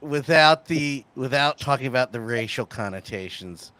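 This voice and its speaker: A man co-hosting a casual wrestling talk show, heated and swearing, swinging from loud to quiet. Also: mid-range voice, lively intonation, normal speed, smooth. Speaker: podcast co-host.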